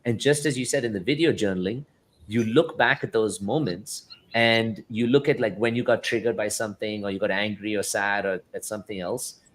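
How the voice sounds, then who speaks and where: Low-voiced man explaining coaching ideas. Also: brisk. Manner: animated, acts out quoted dialogue. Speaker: podcast host and coach. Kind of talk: conversational coaching talk.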